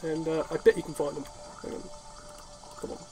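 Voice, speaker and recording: A man's voice: fairly high pitch, flat delivery, brisk, warm tone, faint music behind. A man giving rambling, unedited gameplay commentary, swearing, laughing and ranting as he talks. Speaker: gaming channel host.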